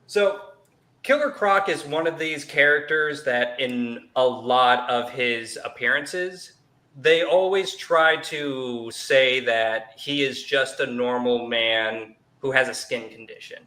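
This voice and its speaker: A man's voice: mid-range voice, slow, pushed and bright. A man from Southeast Missouri co-hosting a podcast, explaining at length in a laid-back, chatty way. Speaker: podcast co-host. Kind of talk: casual chat.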